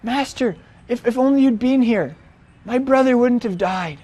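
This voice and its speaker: A man's voice: very high-pitched, moderate pace, warm tone, pitched above the performer's own voice. A man doing a grieving woman pleading.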